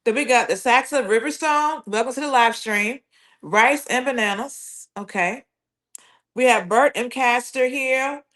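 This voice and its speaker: A woman's voice: a little high, measured pace, a bit bright. A woman hosting a casual live reaction stream, chatting loosely and reading viewer comments aloud. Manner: chatty, addresses chat as y'all, reads usernames aloud. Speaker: livestream host.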